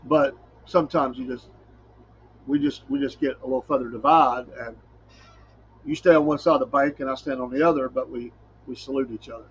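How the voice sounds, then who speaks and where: A man's voice: mid-range voice, fairly even intonation, a little fast, slightly rough, lo-fi sound. A middle-aged man, a preacher hosting a podcast, talking in a folksy, rambling way and laughing often. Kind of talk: casual solo podcast talk.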